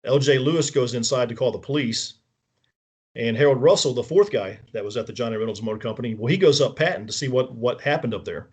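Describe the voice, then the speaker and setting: A man's voice: medium pitch, fast, a little mellow, husky. A man with a middle-range voice talks through events piece by piece as a guest on a show. He often restarts his sentences and corrects himself, and he checks in with the listener as he goes. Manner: detailed step-by-step recounting, checks in with the listener; frequent restarts and self-corrections. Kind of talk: casual spoken walkthrough of events.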